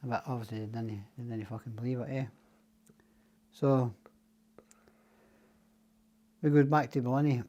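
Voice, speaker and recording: An older Scottish man talks in a loose, rambling storytelling way, swearing freely and acting out the voices of the people in his tales. His tone is dark and mellow, with nothing bright or sharp in it. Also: mid-range voice, steady tone, fairly quick. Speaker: podcast guest. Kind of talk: casual storytelling.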